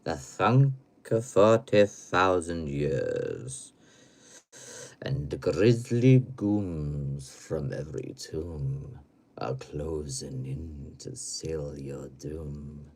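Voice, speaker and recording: Brief: sinister horror narrator, put on by a man, drawn-out and menacing, husky edge. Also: very deep voice, expressive, a little mellow, voice pushed down, full character voice. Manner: slow, drawn-out, menacing, sinking to whispers.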